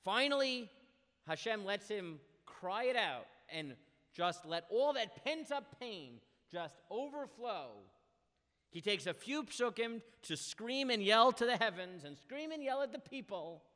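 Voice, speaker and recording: A man with a high voice teaches a Bible class, reading Hebrew verses and translating each one. His delivery is impassioned and moves between hushed passages and loud ones. A long reverb trails behind his voice. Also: very animated, measured pace. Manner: reads Hebrew verses, then translates them. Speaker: Torah teacher.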